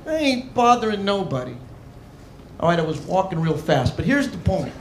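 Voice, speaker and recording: A man's voice: sits high, sing-song, normal speed, noisy background. A man from Arizona doing a stand-up comedy set on a club stage, with a brash, mocking, punchy delivery into a handheld mic. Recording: echoey club with audience laughter.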